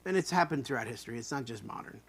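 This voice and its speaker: A man's voice: mid-range voice, expressive, racing, a bit bright, breathy edge. A man teaching an online Bible study in an earnest, emphatic way, repeating points to stress them.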